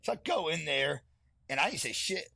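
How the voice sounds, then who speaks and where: A man with a gravelly voice talks candidly and with plenty of swearing, as a guest on an interview show. His tone is forceful and edgy. The recording is close and dry, with no room sound. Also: a little high, very animated, moderate pace, no room sound. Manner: blunt and heavily profane, laughs while telling stories. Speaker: podcast guest, retired Marine sergeant.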